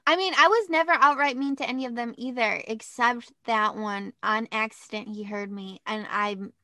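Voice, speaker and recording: A young woman tells a dating story in a casual, animated way, leaning on "like" and dramatic emphasis. Her voice is bright and sits a little high. The sound is dry and close. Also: normal speed, dry recording.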